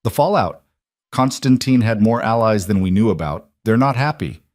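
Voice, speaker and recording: A man reading the lines of a quiet, worried woman housekeeper in an audiobook story, grave in tone. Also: on the low side, lively intonation, moderate pace, close to an everyday voice.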